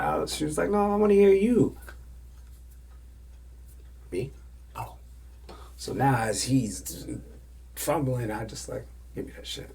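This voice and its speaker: A man hosting a podcast, telling a story in a loose, animated way and acting out the other people's lines. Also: medium pitch, creaky, breathy edge. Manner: animated storytelling, acts out quotes. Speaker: podcast host.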